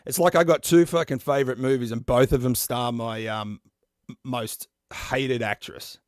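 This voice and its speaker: A man in his forties hosting a stream, chatting casually and profanely in a rambling, animated way. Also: mid-range voice, moderate pace, dry recording, clean studio sound. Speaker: podcast host. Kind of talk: casual chat about metal albums.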